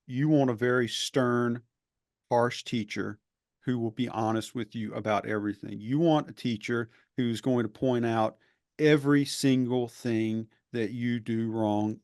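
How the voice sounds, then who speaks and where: A man's voice: medium pitch, a little mellow, no echo, clean studio sound. A man who was once a professor, hosting a podcast and talking earnestly and emphatically, rambling with restarts. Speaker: podcast host; former professor. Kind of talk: reflective conversational interview.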